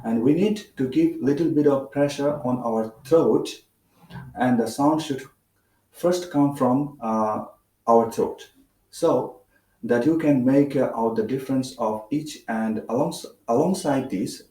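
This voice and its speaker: A man with an Indian English accent giving a spoken English lesson, explaining in a measured way with many "uh" fillers. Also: mid-range voice, mellow, roomy sound, far from the mic, rough recording. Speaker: English teacher.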